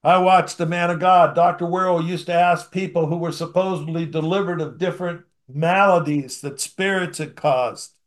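A man's voice: fairly high pitch, steady tone, normal speed, hardly any pauses. Conversational man preaching a sermon. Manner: reads scripture aloud and comments conversationally; shifts between emphatic bursts and quiet asides.

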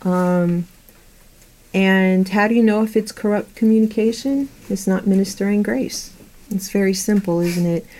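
A middle-aged woman preaching to a group in a meeting room, earnest and conversational, with lively anecdotes. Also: mid-range voice, moderate pace, poor audio. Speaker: Bible teacher. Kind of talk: sermon to a women's group.

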